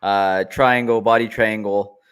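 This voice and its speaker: Low-voiced man asking fight questions. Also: fairly even intonation, a bit bright, clean tone. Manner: measured, asks follow-up questions. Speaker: podcast co-host. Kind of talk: casual fight-talk podcast.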